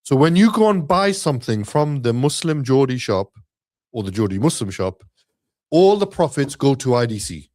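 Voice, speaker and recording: A man co-hosting an Islamic live stream in casual chat, giving upbeat sponsor shout-outs. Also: medium pitch, very animated, moderate pace.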